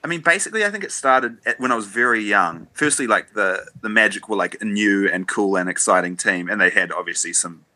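NZ-accented man, thirties, podcast guest, very bright, slightly low pitch, relaxed and giggly. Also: fairly quick, hardly any pauses, dry recording. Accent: New Zealand. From New Zealand. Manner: easygoing, laughs often, lots of fillers and restarts. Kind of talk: casual podcast chat.

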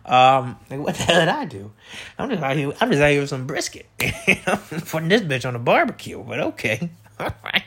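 A man's voice: fairly high pitch, very animated, a little fast, a bit bright, breathy edge. A man hosting a podcast, telling rambling, profane stories about his neighbors in a casual, meandering way with lots of fillers and restarts. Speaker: podcast host.

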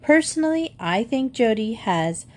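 A woman's voice: on the high side, big pitch swings, unhurried, a little hiss or hum, voice pushed up. A woman voicing a twelve-year-old girl who earnestly shows off school knowledge. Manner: earnest, pedantic. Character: tattling know-it-all schoolgirl of twelve.

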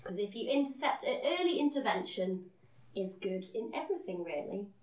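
A woman's voice: medium pitch, expressive, brisk, darkish tone, echoey room. A woman co-hosting a podcast in casual chat, with a dry, sarcastic manner. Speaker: podcast co-host.

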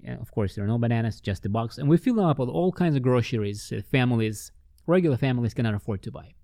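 A man telling ministry stories in an interview, with lively storytelling that acts out the voices of the people he met. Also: fast, no echo, clean studio sound. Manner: animated, acts out quoted voices with big pitch jumps. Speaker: ministry worker.

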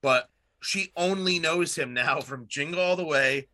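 A man's voice: a little high, unhurried, bright, forceful tone. A man in his thirties chatting casually on a podcast, rambling with lots of fillers and swearing. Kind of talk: casual chat.

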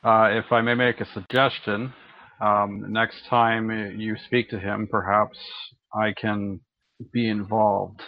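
A man's voice: lowish voice, level tone, slow pace, no room sound, muffled recording. A man playing a polite security officer. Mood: formal. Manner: polite, hesitant.

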